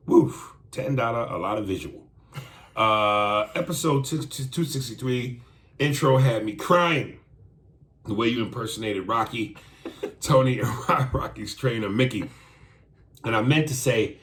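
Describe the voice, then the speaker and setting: A low-voiced man co-hosts a podcast and reads out a listener email. He talks bluntly and curses freely, getting loud and animated as he reacts. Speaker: podcast co-host. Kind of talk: casual chat, reading listener email.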